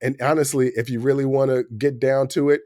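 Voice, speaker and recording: Animated man in his forties, dry sound. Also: medium pitch, fairly quick, dry recording. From United States. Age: 40s. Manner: animated, jokey, talks over his co-host. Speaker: podcast co-host. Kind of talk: casual chat.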